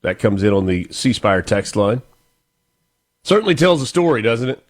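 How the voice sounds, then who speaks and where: A man's voice: fairly low pitch, big pitch swings, moderate pace. A man hosting a morning radio talk show, chatting casually and reading birthdays and sponsor spots. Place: radio studio.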